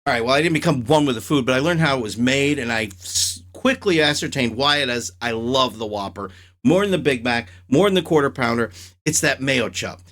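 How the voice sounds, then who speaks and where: A man's voice: mid-range voice, fairly quick. A man hosting his own show, chatting casually and reacting with strong opinions and rants. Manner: animated, opinionated, ranting. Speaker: host.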